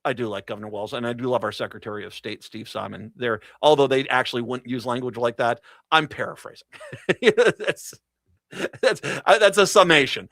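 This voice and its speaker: A man's voice: mid-range voice, fairly even intonation, quick pace, gravelly, fairly bright tone, no room sound. Sarcastic male talk radio host. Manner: sarcastic, mocking asides, laughs at his own jokes. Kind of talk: political commentary reading news.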